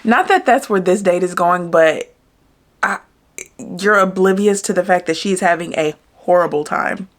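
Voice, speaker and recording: Low-voiced woman reacting incredulously. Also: normal speed. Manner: incredulous, chatty asides. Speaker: host reacting to a clip. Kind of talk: casual reaction commentary.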